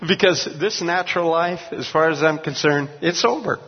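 An older man who is a pastor, telling his story earnestly, halting with many restarts. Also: a little high, slightly rough. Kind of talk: testimony in an interview. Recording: dull recording in a long-echo room.

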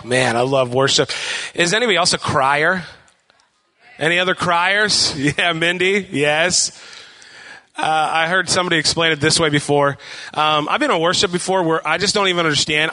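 A man's voice: fairly high pitch, sharp tone. A young man preaching a casual sermon, chatty and joking, asking the congregation questions. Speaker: pastor. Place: church hall with long reverb. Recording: reverberant church hall.

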